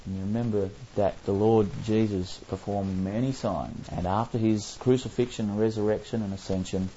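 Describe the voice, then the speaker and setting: A man's voice: fairly low pitch, steady tone, moderate pace, dark tone, slight background noise. A man teaching a Bible study, explaining passages and asking his listeners rhetorical questions. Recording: dull lo-fi recording.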